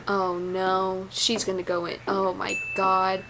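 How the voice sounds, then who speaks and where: Excitable woman reacting to a movie. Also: mid-range voice, takes it slowly, noisy background. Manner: excitable, gasping, chatty with many fillers. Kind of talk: casual reaction commentary.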